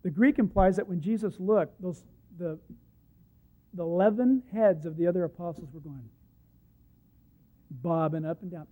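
High-voiced male preacher, muffled recording. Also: moderate pace, pauses often. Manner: emphatic, swings from hushed to loud; acts out the Bible quotes he tells. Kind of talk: sermon.

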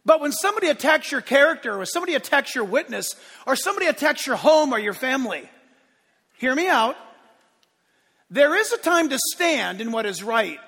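A man preaching from the pulpit with a very high, bright, forceful voice. He hammers his points home, then drops to hushed asides. His words ring out with the long reverb of a church sanctuary. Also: very animated, a little fast, slightly rough. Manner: emphatic preaching, swinging between loud declarations and hushed asides. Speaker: pastor. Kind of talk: sermon.

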